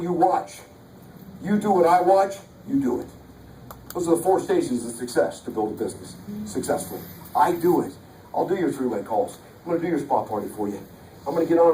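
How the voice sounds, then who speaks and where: A man giving an energetic, joking motivational talk at a live sales event, often acting out voices. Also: a little high, slight background noise. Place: large hall. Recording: echoey hall from far off.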